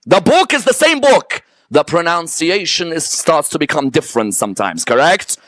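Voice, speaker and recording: A man's voice: fairly high pitch, sing-song, a bit bright, dry recording. A man giving a religious history lecture to a live audience, often asking rhetorical questions and checking in with "yes?" and "correct or no?". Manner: lists items one by one in a slow, emphatic way.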